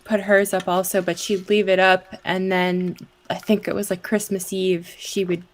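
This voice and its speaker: A woman co-hosting a podcast, recalling family memories in a relaxed, easygoing way. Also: fairly low pitch, moderate pace. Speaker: podcast co-host. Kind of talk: casual chat.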